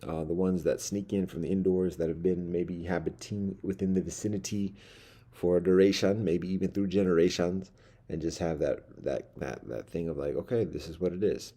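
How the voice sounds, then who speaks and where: A man with a low, gravelly, husky voice rambles through a story in a dim candlelit room. His delivery is wordy and dark-toned, full of fillers and false starts. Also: steady tone, normal speed. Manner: wordy, many fillers and restarts.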